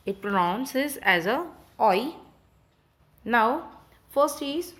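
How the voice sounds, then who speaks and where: A woman's voice: fairly high pitch, expressive, drawn-out words, pauses often, a bit bright. A woman with a Gujarati English accent teaching a phonics lesson to young children. She spells each word letter by letter and then sounds it out.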